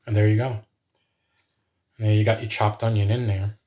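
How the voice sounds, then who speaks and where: A home cook hosting a live cooking stream rambles casually to viewers while cooking in his home kitchen, chatting with them during the demo. His voice is on the low side and mellow, with little pitch movement and a normal pace. The audio sounds dull.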